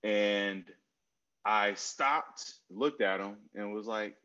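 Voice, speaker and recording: A man's voice: fairly low pitch, slow, bright, forceful tone, clear, resonant tone, lo-fi sound. Man in his forties telling stories. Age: 40s. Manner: storytelling, repeats phrases, many fillers. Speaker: guest speaker on mental health. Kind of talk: conversational interview answer.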